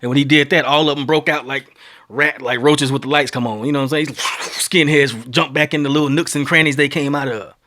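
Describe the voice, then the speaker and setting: A man in his thirties from Texas, hosting a podcast and telling a long story in a casual, animated way, his voice climbing as the tale gets exciting. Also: medium pitch, brisk. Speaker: podcast host.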